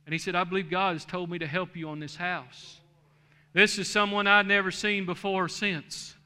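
A man's voice: high voice, flat delivery, normal speed, pushed and bright, smooth. A middle-aged man, a pastor, telling a story in a sermon and building to a fervent preaching cadence, in a church sanctuary.

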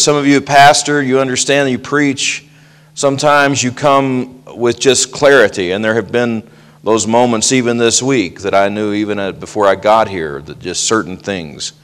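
Low, resonant joking preacher man. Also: smooth. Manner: folksy, joking asides. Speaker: pastor. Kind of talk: sermon.

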